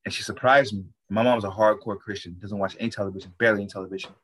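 A man's voice: fairly low pitch, steady tone, very fast, husky, rough recording. A man, a stand-up comedian, telling a casual story, rambling and swearing often. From Florida, USA.

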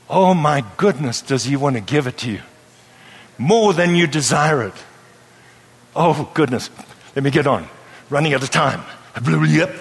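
Preacher with a light voice in a reverberant hall. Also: male voice, fairly high pitch, normal speed, breathy edge. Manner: lively, playful, asks the audience questions. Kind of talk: sermon. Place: church hall with a live audience.

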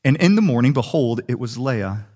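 A young adult man preaching a sermon, telling a story with lively quick asides. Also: mid-range voice. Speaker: pastor.

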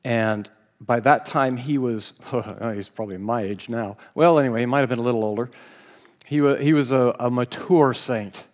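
A man's voice: mid-range voice, moderate pace, darkish tone. A male pastor preaching a sermon, telling stories with self-deprecating humor and laughing now and then. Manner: storytelling, self-deprecating, laughs while speaking. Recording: long hall reverb.

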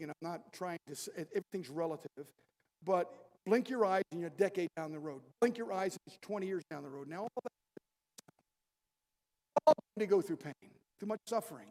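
An older man preaching a sermon, telling a personal story with quiet asides and loud emphatic peaks. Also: a little high. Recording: long reverb of a large hall.

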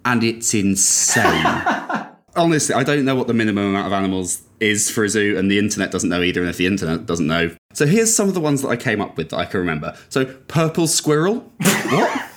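A man co-hosting a podcast, going off on an exasperated rant. His voice sits low, and he breaks into incredulous laughs while he argues his point. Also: expressive, a little fast, a bit bright. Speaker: podcast co-host. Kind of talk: casual chat.

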